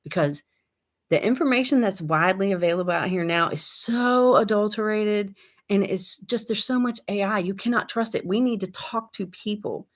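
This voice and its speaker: A middle-aged woman, chatting casually and bluntly from her home kitchen as she reads viewer comments, swearing freely. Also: medium pitch. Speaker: livestream host. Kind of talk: casual chat while cooking.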